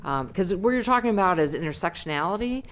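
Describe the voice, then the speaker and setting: A woman presenting at a school board meeting, halting and filling pauses with um and you know. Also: fairly low pitch, lively intonation, fairly bright tone, slight background noise.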